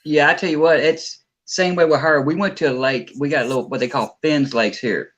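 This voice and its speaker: Easygoing man with a fairly high voice. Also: moderate pace, a bit bright, dull audio. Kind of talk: casual chat, storytelling.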